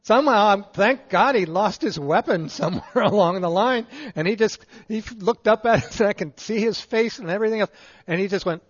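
A man's voice: high-pitched, a little fast, slightly rough. An older man and veteran, telling war stories to an audience and chuckling as he goes, then introducing the next speaker at a handheld microphone. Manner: chuckles through his stories, animated. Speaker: veteran and event emcee. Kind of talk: anecdotal storytelling to an audience. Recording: muffled sound in a reverberant hall.

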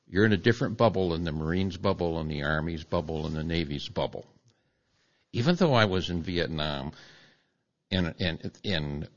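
A man in his seventies, a veteran, giving earnest and slightly halting remarks to a gathering of veterans. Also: low voice, a bit bright, muffled recording. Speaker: veteran speaker.

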